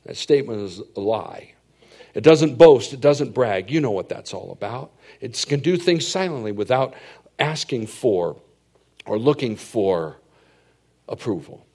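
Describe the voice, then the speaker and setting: Animated middle-aged man preaching a sermon. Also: medium pitch, measured pace, slightly rough. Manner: animated storytelling, swinging from hushed asides to loud emphatic declarations. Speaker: pastor.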